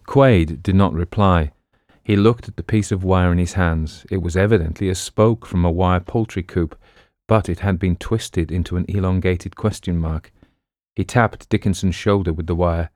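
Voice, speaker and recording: A man narrating an audiobook in a steady, even storytelling manner. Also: deep voice, normal speed, dry recording, clean studio sound.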